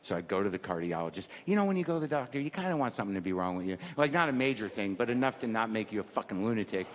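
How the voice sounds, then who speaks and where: Rapid-fire and lowish, with big swings in pitch, the man in his fifties keeps up his stand-up act, neurotic and self-deprecating, playing out little scenes. It's a live comedy club recording with hall reverb, crowd noise and laughter.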